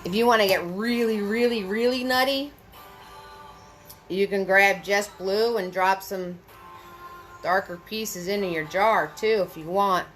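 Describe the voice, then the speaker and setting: A woman's voice: medium pitch, measured pace, fairly bright tone, soft background music, poor audio. A woman leading a live painting class, chatty and encouraging, greeting viewers as she goes. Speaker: paint party instructor. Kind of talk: live online painting lesson.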